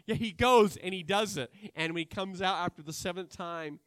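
A man preaching a sermon, acting out Bible characters' lines and swinging between loud and quiet delivery. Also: sits high, moderate pace, clear, resonant tone, no echo, studio quality.

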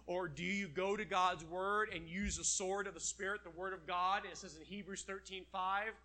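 A middle-aged man preaching a sermon with emphatic, animated delivery, slowing down to read scripture. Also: sits high.

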